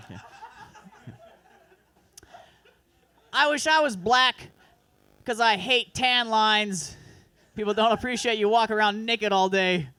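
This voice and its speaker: A man's voice: high voice, bright, forceful tone, clean tone, dry recording. Guy doing raunchy stand-up at open mic, rambly, self-deprecating, dry close sound. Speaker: stand-up comedian. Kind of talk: stand-up comedy set. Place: comedy club open mic.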